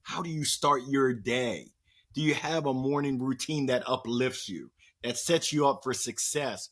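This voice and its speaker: A man speaking as a podcast guest and motivational speaker, telling stories in a playful, animated way and acting out the voices of the people he quotes. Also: medium pitch, a little slow. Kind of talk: energetic storytelling conversation.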